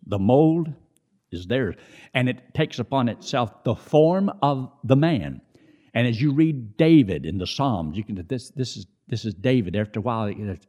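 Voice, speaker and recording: A middle-aged man preaching a sermon in a conversational way, rising high on emphasis and dropping low between. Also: a little mellow.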